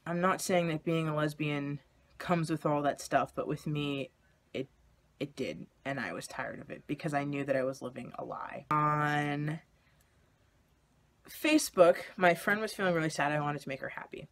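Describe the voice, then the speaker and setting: Gravelly-voiced young man telling his story. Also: on the high side, moderate pace, fairly bright tone. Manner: candid, confessional storytelling. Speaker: vlogger. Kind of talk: personal storytelling.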